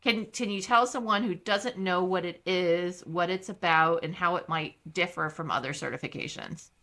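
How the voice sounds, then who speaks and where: Chatty woman host, bright forceful voice, lowish pitch, laughs a lot. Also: moderate pace. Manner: upbeat, chatty, laughs easily. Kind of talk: casual interview chat.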